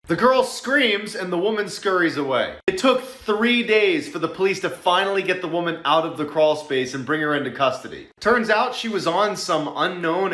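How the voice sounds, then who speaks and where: A man's voice: on the high side, a bit bright. Man, scripted creepy narration, suspenseful, roomy echo.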